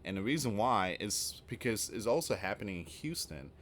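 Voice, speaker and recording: Low-voiced man giving casual news commentary. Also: very animated, normal speed, fairly bright tone, a little hiss or hum. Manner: rambling, informal, reads out news then comments.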